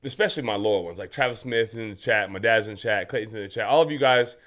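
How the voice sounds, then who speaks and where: A man's voice: lowish voice, quick pace, a bit bright. Upbeat man co-hosting a live show. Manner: upbeat, short reactions, addresses viewers. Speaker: co-host. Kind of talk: casual live show chat.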